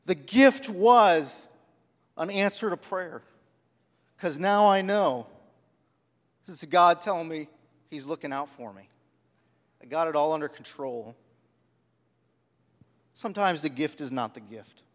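A man's voice: fairly high pitch, long reverb tail. A man preaching a sermon, telling personal stories with heartfelt, rising emphasis. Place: church sanctuary.

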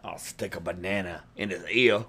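A man co-hosting an improvised comedy bit, quick to get worked up and complain. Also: deep voice, fairly bright tone, breathy edge. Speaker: comedy co-host.

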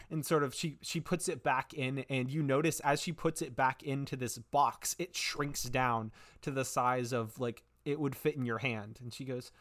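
A man narrating a tabletop fantasy game as game master, in a relaxed storytelling way. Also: medium pitch, moderate pace. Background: background music.

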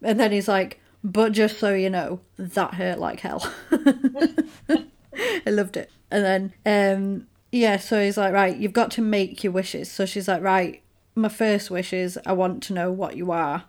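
A woman chatting casually, retelling a film plot and acting out the characters' lines. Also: mid-range voice. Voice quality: animated storyteller, acts out characters' lines in quick voices. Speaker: podcast co-host recapping a film. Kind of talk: casual chat.

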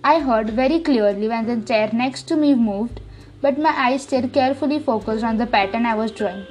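A woman reading a first-person novel aloud as an audiobook narrator, with steady, lightly expressive storytelling. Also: fairly high pitch, moderate pace.

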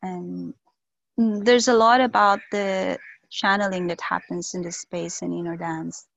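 A woman sharing personal reflections slowly on a video call, with many pauses and fillers. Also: on the low side, steady tone, vocal fry, a bit bright, no room sound, rough recording. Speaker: workshop participant sharing.

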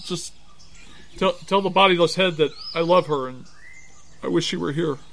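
A man's voice: a little high, normal speed, vocal fry, fairly bright tone. A man in an improvised comedy play, playing things up melodramatically. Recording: crowd noise behind.

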